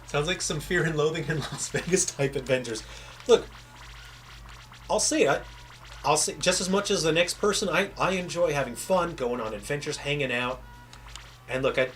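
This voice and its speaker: A man's voice: on the high side, a bit bright, a little hiss or hum. A man who is a game developer, chatting casually with viewers on a livestream and trailing off and restarting mid-sentence, with a faint Southern American accent. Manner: rambling, self-interrupting storyteller.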